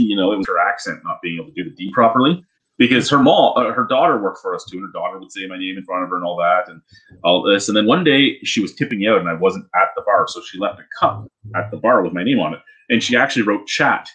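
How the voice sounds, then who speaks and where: A man with a fairly low voice chats loosely on a podcast. He rambles through stories, swears freely and restarts his sentences often. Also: expressive, fast talker, a bit bright, poor audio. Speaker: podcast co-host. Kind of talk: casual chat.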